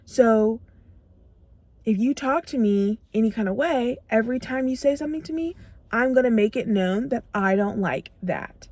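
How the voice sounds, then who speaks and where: Young woman vlogger, fairly high voice, dry close sound; emphatic motivational talk, punchy repetition, acts out her own inner dialogue. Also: normal speed, a little mellow, dry recording. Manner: emphatic, repeats phrases for punch. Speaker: self-growth vlogger.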